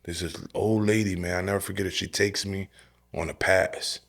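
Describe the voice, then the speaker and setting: A streetwise guest on a podcast shares his personal testimony in a deep, gravelly voice at a normal pace. He tells it with animation, acting out lines he once said, and speaks directly, dropping "bro" and "yo."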